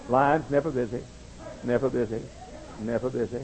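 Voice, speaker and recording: A male pastor preaching a fervent sermon, swinging between hushed, intimate passages and ringing calls. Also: mid-range voice, normal speed, creaky, breathy edge, lo-fi sound.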